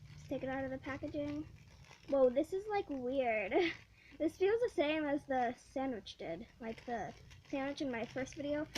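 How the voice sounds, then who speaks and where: A teenage girl unboxing a package for her vlog, excitable and giggly, gushing over each item in casual chat. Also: high voice, normal speed, slight background noise, rough recording. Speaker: vlogger.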